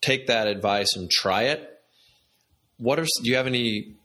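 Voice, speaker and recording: A man's voice: medium pitch, normal speed, bright, forceful tone. A man hosting a business interview, asking rambling, hesitant questions. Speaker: podcast host.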